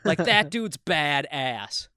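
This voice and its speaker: Excitable podcast co-host, man, slightly higher voice; bright and animated, sweary, casual. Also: dry recording, studio quality. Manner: excitable, swearing, quick asides.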